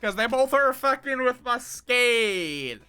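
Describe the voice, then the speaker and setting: Lively-voiced streamer chatting over gameplay. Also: medium pitch, measured pace, smooth, faint music behind. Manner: rambling, self-interrupting, chatty with viewers. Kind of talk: casual live-stream chat while gaming.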